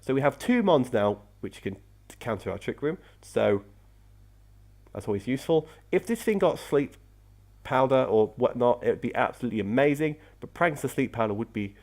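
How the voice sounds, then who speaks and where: A man's voice: mid-range voice, animated, moderate pace, darkish tone. A young man, casually commentating on his game team, chatty with frequent self-corrections. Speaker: competitive Pokémon player and video host.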